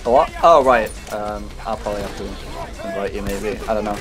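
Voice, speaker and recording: A man hosting a casual gaming stream, joking around and now and then breaking into mock shouting. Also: lowish voice, moderate pace, music in the background. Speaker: streamer host.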